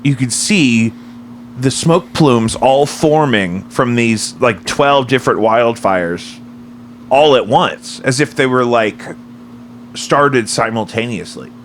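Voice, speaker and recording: A man's voice: mid-range voice, expressive, slow pace, a little hiss or hum. A man hosting a casual livestream chat from his home basement, rambling and teasing. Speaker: podcast host.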